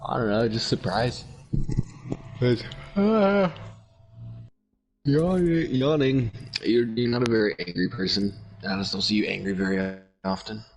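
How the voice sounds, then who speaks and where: A man's voice: on the low side, little pitch movement. A young man chatting casually with a friend, telling profane, rambling stories. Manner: rambling, profane storytelling with quick impressions of others. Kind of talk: casual chat.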